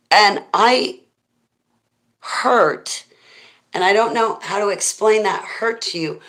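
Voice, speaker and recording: A middle-aged woman with a deep, smoky voice, hosting a rambling, goofy livestream chat and thanking viewers as she goes. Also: fairly bright tone. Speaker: livestream host.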